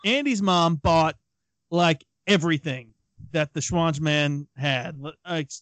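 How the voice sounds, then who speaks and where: A man's voice: fairly high pitch, takes it slowly, fairly bright tone, no echo. A man in his thirties, co-hosting a casual podcast and telling a long rambling story with lots of restarts and fillers. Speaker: podcast co-host.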